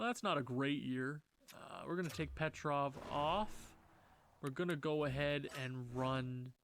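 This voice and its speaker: A man's voice: a bit bright, slight background noise. A man commentating his own video game franchise season, exasperated and talking to his players as he reshuffles lines. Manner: exasperated, talks to players, swings into high frustrated outbursts. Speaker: gaming YouTuber.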